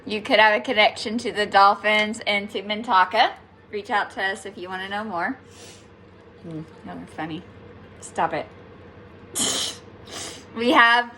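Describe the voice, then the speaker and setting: A woman's voice: mid-range voice, pushed and bright, a little hiss or hum. A woman giving a casual, playful spiritual reading to her viewers, chatting, laughing often and swearing lightly. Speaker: tarot reader.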